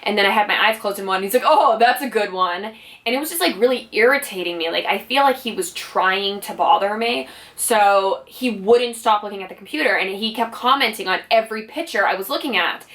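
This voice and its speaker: Woman, vlogger, casual storytelling, rambling with fillers, medium pitch, slightly distant mic. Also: a little fast, fairly bright tone. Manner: rambling, full of "like" and "you know".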